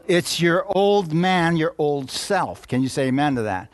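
A male pastor preaching a sermon, calling for amens, chuckling at times and reading scripture slowly. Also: fairly high pitch, vocal fry, fairly bright tone, dry recording.

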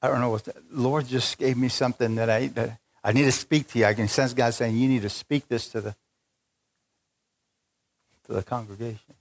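A fervent male preacher addressing a packed church, reading scripture aloud and pressing the crowd with questions. His pitch sits in the middle for a man and he swings between quiet asides and high, excited calls. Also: normal speed, pauses often. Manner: fervent, rising to exclamations and calls to the congregation. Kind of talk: spontaneous sermon. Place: large church with a congregation.

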